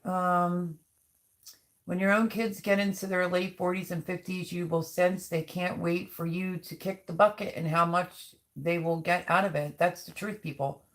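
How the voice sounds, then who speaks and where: A middle-aged woman hosting a livestream reads viewers' chat comments aloud and responds in a heartfelt, openly emotional, chatty manner. Her low voice keeps a steady tone and moves a little slowly.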